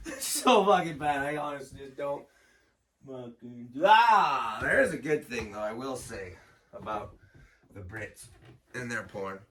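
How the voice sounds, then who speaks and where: A man performing a raw, profane stand-up set on a small self-built stage, loud and animated. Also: medium pitch, a little slow, distant mic, a little hiss or hum. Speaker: stand-up comic.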